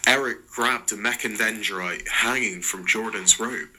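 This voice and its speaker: Slow bright-voiced Irish man narrating. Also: lowish voice, husky, rough recording. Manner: amused, breaking into laughs. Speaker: listener sending in a story. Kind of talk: comic story narration.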